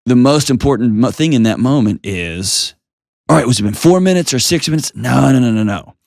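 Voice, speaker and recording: A middle-aged American man hosting an advice call-in show, talking in a calm, earnest coaching way full of rhetorical questions. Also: medium pitch, a little fast, creaky, no room sound, clean studio sound. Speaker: host giving advice.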